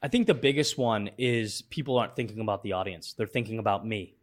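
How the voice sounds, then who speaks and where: A man's voice: lowish voice, quick pace. A man speaking as a podcast guest, thoughtful and full of fillers and restarts. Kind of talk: casual interview talk.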